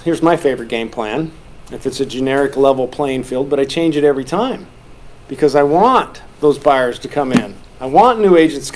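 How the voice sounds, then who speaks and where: A man teaching a classroom of real estate agents, animated and joking, putting questions to the room and acting out what people say. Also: on the high side, a little fast, background noise. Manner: animated, joking, acts out quoted lines.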